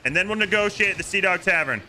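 A man streaming a pirate video game, talking loudly and theatrically with his crew, often laughing and playfully bossy. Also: high-pitched, fast, very noisy. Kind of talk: excited gameplay chatter.

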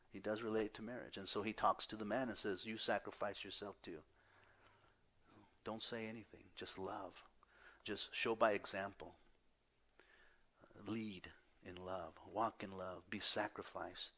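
A man preaching a sermon as pastor, moving between loud emphatic declarations and hushed, near-whispered lines, with confessional asides. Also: on the low side, steady tone, moderate pace. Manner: confessional, self-deprecating asides.

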